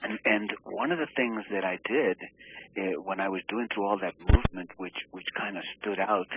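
A man recounting a deeply personal experience in an interview, earnest and halting, searching for words with many restarts. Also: background noise. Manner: earnest and emotionally open.

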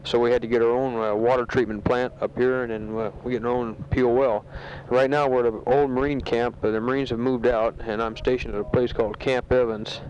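A man who is a soldier, recording a casual spoken letter home from a sandbag bunker, talking matter-of-factly with a halting delivery full of fillers, on a dull home tape recording. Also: medium pitch, level tone, a little mellow, a little hiss or hum. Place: sandbag bunker in a war zone.

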